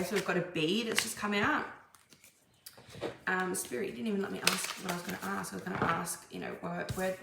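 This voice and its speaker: In a room with echo and slight background noise, a young tarot reader chats her way through a relaxed reading, full of fillers and false starts. Her voice is on the low side, with vocal fry.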